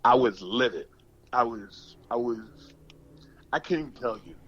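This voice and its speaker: A man in his sixties from the United States, a former pro football player telling stories in a podcast interview, animated and emphatic, often repeating words. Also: mid-range voice, normal speed, husky, no echo, highs cut off. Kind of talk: storytelling interview.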